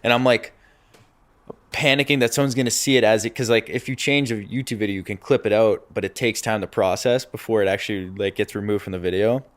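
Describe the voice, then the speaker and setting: A man's voice: on the low side, quick pace. Laughing young man telling a story. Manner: animated storyteller, laughs through his own story. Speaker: podcast co-host. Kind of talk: casual chat.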